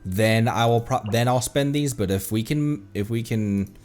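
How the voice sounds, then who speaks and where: A man's voice: mid-range voice, a little slow, a little mellow, faint music behind. A young man streaming a game, chatting casually and thinking aloud in a playful way. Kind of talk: casual gaming commentary.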